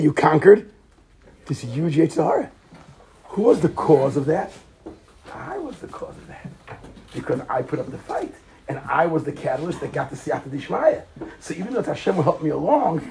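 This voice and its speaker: A man teaching an animated Torah lecture, emphatic, full of rhetorical questions and repetition, swinging between soft asides and near shouts. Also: on the high side, slight background noise.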